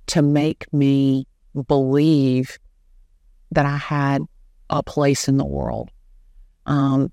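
Animated woman telling a story. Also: extremely low pitch, vocal fry, no echo, studio quality. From Southern US. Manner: animated, acts out quoted dialogue. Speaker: guest, real estate agent. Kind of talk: storytelling in an interview.

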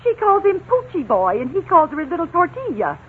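An actress playing an indignant middle-aged housewife who stammers and huffs in a 1940s radio comedy, on a tinny, hissy radio transcription. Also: female voice, extremely high pitch, wildly swooping pitch, brisk, exaggerated voice. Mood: flustered, indignant. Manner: flustered, huffy, stammering.

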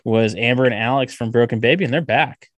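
A man's voice: mid-range voice, a little fast, no echo. A man hosting a podcast interview over a video call, enthusiastic and laughing often. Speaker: podcast host. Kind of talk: casual interview chat. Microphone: video call recording.

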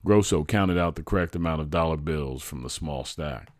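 A man reading his own true childhood story aloud in a measured, reflective way. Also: very deep voice, a little mellow, dry recording, studio quality. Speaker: storyteller, podcast host.

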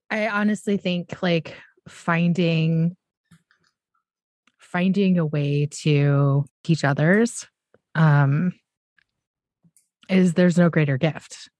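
A woman's voice: deep voice, extremely slow, pauses often, no echo, studio quality. A woman hosting an interview podcast, effusive and chatty, with frequent fillers. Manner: warm and effusive, with many fillers. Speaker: podcast host. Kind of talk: casual interview conversation.

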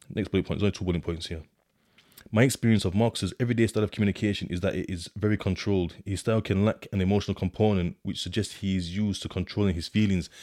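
In a clean, dry studio recording, a man with a deep, slightly mellow voice hosts a podcast about his prison experiences. His monologue wanders casually, full of slang and fillers, with occasional passages read from a report.

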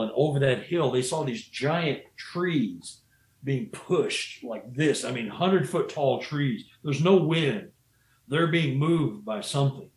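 A man's voice: mid-range voice, a little mellow. Rambling male storyteller in an echoey room. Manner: rambling, frequent restarts and "you know". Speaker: guest storyteller. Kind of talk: casual storytelling. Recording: roomy echo.

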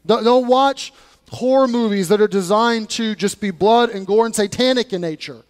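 A man's voice: high-pitched, moderate pace, clean tone. A male pastor preaching a sermon in an emphatic, conversational way, with blunt warnings. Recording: long reverb of a large room.

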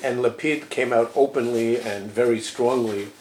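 A man co-hosting a policy podcast, giving a measured analysis full of fillers and self-corrections. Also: mid-range voice, fairly even intonation, darkish tone, slight background noise. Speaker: podcast co-host, former deputy national security advisor. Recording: roomy echo.

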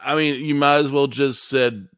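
A man's voice: medium pitch, fairly even intonation, moderate pace, fairly bright tone, clear, resonant tone, no echo, studio quality. Sarcastic joking man. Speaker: podcast co-host. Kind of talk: casual movie review chat.

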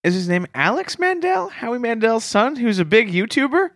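A man's voice: extremely high pitch, big pitch swings, moderate pace, fairly bright tone, no room sound, clean studio sound. A Canadian man co-hosting a comedy podcast, chatty and steering the conversation with prompts. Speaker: podcast co-host. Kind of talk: casual comedic chat.

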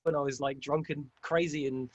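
An English man chatting casually as a guest, a lively storyteller who slips into comic voices. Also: fairly high pitch, moderate pace, dry recording, lo-fi sound. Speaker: DJ and producer guest. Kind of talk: casual podcast chat.

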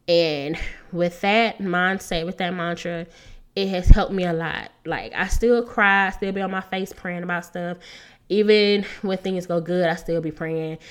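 A woman of thirty talks through her solo podcast in a casual, heartfelt way. She laughs easily and leans on her points with earnest emphasis. Her voice sits a little low for a woman. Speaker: podcast host.

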